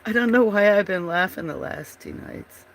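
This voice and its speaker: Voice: mid-range voice, normal speed, gravelly, fairly bright tone. A livestream host chatting casually while drawing at home, laughing often and trailing off mid-thought. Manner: giggly, laughs often, rambling.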